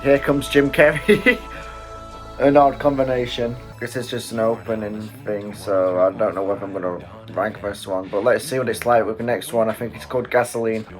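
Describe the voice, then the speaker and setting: A man with a British accent hosting a casual music reaction and exclaiming often as he listens. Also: lowish voice. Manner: excitable, quick exclamations and chuckles. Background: faint music playing.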